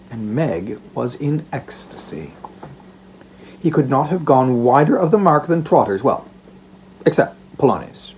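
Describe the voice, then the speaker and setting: A man's voice: mid-range voice, sing-song, unhurried, darkish tone, slight background noise. A man narrating a classic story aloud for an audiobook, in a theatrical storytelling manner. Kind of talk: expressive narration of a classic novella.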